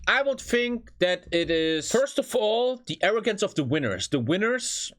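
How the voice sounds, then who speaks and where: A man's voice: sits high, big pitch swings, moderate pace, a bit bright. A man from Germany with a German accent, giving casual reaction commentary on a stream and swearing freely.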